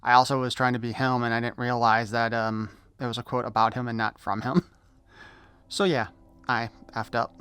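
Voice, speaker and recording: A man's voice: medium pitch, little pitch movement, normal speed, a bit bright, clean tone, no echo. A man doing a casual unboxing review of an action figure, rambling and correcting himself as he goes. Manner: rambling, self-correcting, easily sidetracked. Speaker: toy reviewer.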